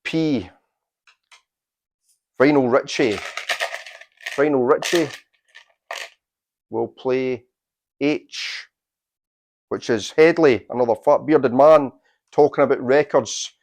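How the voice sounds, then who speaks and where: Quiz host, man, middle pitch, slow and deliberate, dry humor. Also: a little mellow, a little hiss or hum. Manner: deliberate, unhurried announcing with dry asides. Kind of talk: announcing a tournament draw.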